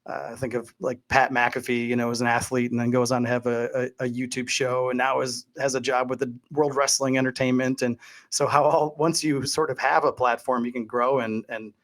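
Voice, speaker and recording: A man's voice: medium pitch, level tone, a little fast. A man hosting a podcast interview, easygoing and chatty with frequent fillers. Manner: easygoing, chatty, heavy on "you know" fillers. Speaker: podcast host. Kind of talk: casual interview chat.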